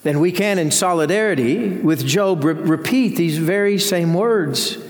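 Male pastor, earnest sermon, fairly high voice, long church-hall reverb. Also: unhurried. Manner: earnest, rising in pitch when voicing Job's laments. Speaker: senior pastor.

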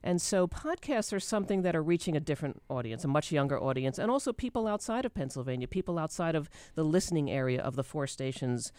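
A podcast co-host giving animated, explanatory answers in a radio interview. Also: medium pitch, quick pace, hardly any pauses, clear, resonant tone, no room sound.

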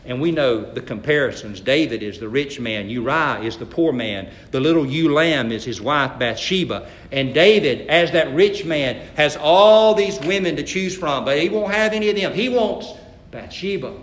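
A man's voice: on the high side, animated, normal speed, echoey room. A man preaching a sermon, reading scripture dramatically and talking to the congregation in a folksy way. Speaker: pastor.

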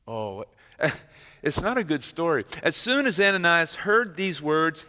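A middle-aged man, a pastor preaching a sermon and retelling a story with dramatic swings from loud to hushed. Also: fairly high pitch, long reverb tail. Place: church sanctuary.

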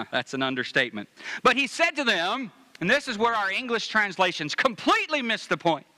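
A man preaching a sermon, reading scripture and speaking straight to the congregation, dropping to hushed low passages and rising to emphatic ones. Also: very animated, brisk. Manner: reads scripture aloud and comments on it directly to the congregation. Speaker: pastor.

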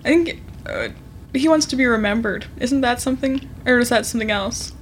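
A woman's voice: fairly high pitch, fairly quick, slight background noise. A woman co-hosting a casual podcast, chatting loosely and leading the segments. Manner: chatty, runs the show segments. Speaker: podcast co-host.

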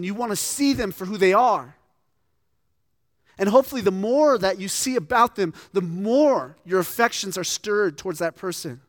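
In clean studio sound with no echo, a high-pitched man preaches. The pastor's sermon is earnest and conversational, and he often restarts his sentences.

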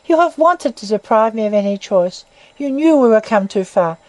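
A woman's voice: a little high, lively intonation, normal speed, darkish tone, no room sound, close to an everyday voice, rough recording. A woman reading the part of a distressed young woman who speaks in an agitated, tearful way. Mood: indignant. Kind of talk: audiobook reading.

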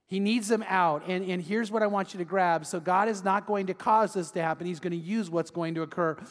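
A high-voiced man preaching to his congregation, his words ringing out in a reverberant hall. He tells the story with animated, lively delivery, often slipping into the voices of the people he quotes. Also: a little fast. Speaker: pastor. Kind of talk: sermon.

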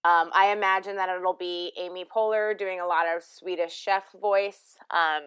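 Smooth-voiced woman, blunt podcast co-host. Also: lowish voice, steady tone, normal speed, fairly bright tone. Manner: blunt, matter-of-fact. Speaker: podcast co-host presenting news. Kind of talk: casual podcast chat.

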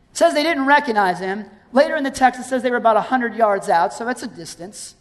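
A woman preaching a sermon in a conversational, animated way, reading verses and acting out scenes. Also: on the high side, fast, hardly any pauses. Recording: long hall reverb.

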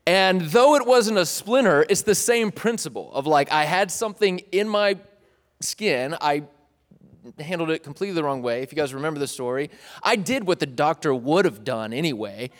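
Chatty young pastor in a reverberant hall. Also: male voice, fairly high pitch, expressive, moderate pace. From East Tennessee. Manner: chatty, self-deprecating, joking with the crowd. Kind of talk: casual sermon.

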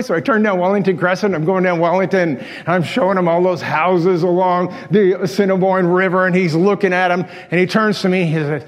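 High-voiced older pastor preaching. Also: male voice, fairly quick, hardly any pauses. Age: 60s. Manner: folksy, self-deprecating, chuckles while telling stories. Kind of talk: storytelling sermon. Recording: long reverb of a large church hall.

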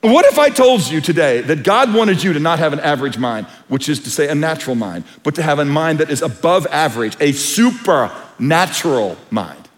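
In a big hall where his words echo with long reverb, a pastor with a fairly high voice preaches at normal speed with few pauses. He moves from earnest explanation into animated storytelling, acting out quotes.

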